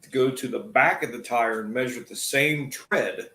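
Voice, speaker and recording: A man's voice: mid-range voice, moderate pace, bright, forceful tone, roomy sound. A man who works as an auto technician, hosting a casual live stream and talking bluntly and profanely about shop work.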